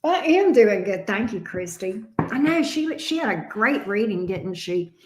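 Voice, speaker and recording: Woman tarot reader, unhurried live-stream host, roomy echo. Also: mid-range voice, sing-song. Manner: chatty, repeats questions while shuffling.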